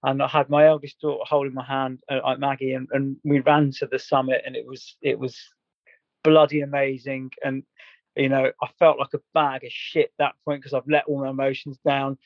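A man's voice: medium pitch, little pitch movement, moderate pace, no room sound, muffled recording. A man earnestly recounting a story in a candid podcast chat, rambling and restarting as he goes. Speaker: guest.

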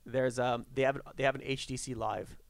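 A man co-hosting a casual podcast chat, talking in a halting way full of uhs and ums. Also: mid-range voice, steady tone, vocal fry, no echo. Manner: halting, lots of uh and um. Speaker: podcast co-host.

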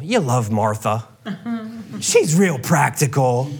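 A man's voice: medium pitch, very animated, moderate pace. A man pastor giving a conversational sermon, joking and acting out the people in the story. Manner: conversational and humorous, acting out Bible characters with laughs. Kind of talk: casual sermon.

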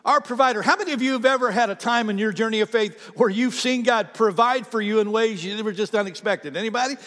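A man with a high voice preaches a sermon with fervor, climbing to near-shouts before dropping into hushed, personal moments. His voice rings through a church sanctuary with a long, trailing reverb. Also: fast. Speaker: pastor.

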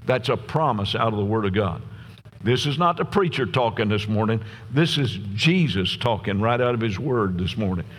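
A man's voice: fairly low pitch, animated, moderate pace, fairly bright tone, husky. A middle-aged man preaching a sermon as pastor, folksy and storytelling, often asking his listeners "Amen?". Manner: folksy, tells jokes, asks the crowd "Amen?". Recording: long reverb from a large church hall.

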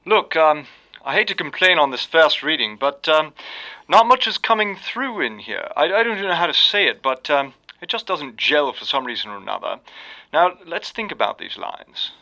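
An actor playing a fussy radio drama director who hesitates a lot, full of ums and restarts. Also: male voice, fairly high pitch, very animated, moderate pace, pushed and bright, heavily acted.

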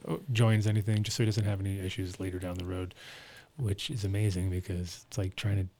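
A man's voice: low-pitched, level tone, quick pace, mellow. A man hosting a podcast in casual, rambling chat, joking and swearing freely. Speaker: podcast host.

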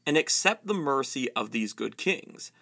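A majestic male lion, calm and grave, speaking in a quiet, measured storybook voice, as a man reading aloud puts him on. His tone carries a gravelly edge and a clear, bright ring. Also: medium pitch, exaggerated voice. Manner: quiet, solemn, measured delivery.

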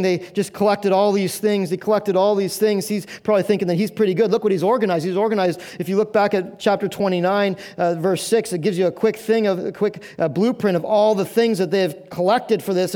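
A man's voice: high-pitched, warm tone. A male pastor preaching a sermon in an earnest, conversational way, asking the congregation questions.

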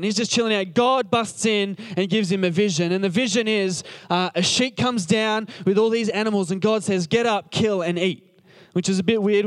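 A man preaching casually, retelling a Bible story in a chatty, joking way and acting out the characters' lines. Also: high-pitched. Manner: conversational, jokey, acts out the characters' lines. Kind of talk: casual sermon retelling scripture.

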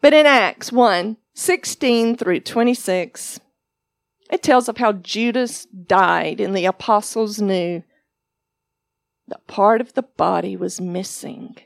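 A woman teaching a sermon, telling her testimony in an animated storytelling way and acting out other people's voices. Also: mid-range voice, takes it slowly, creaky, no room sound. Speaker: ministry teacher.

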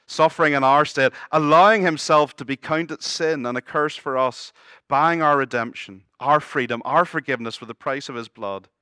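A man's voice: mid-range voice, pushed and bright, smooth, no room sound, studio quality. A middle-aged man preaching a sermon earnestly, with humorous asides. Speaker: pastor.

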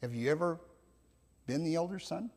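A male pastor preaching a sermon in a church, reflective and gentle, with soft laughs and restarts. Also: fairly high pitch, lively intonation, moderate pace, long reverb tail.

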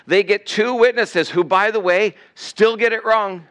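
A male pastor preaching a sermon, swinging between loud emphasis and hushed asides. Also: sits high, unhurried, hardly any pauses, clear, resonant tone.

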